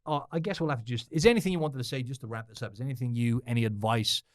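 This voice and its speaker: Man, podcast host, quick chatty delivery, matey, mid pitch, dry close sound. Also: no room sound. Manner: chatty, matey, keeps asking "right?". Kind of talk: casual podcast conversation.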